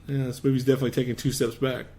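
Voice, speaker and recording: A man's voice: medium pitch, level tone, racing, warm tone. A man co-hosting a podcast, animatedly recapping a movie and acting out its scenes in big voices. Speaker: podcast co-host. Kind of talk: casual movie recap chat.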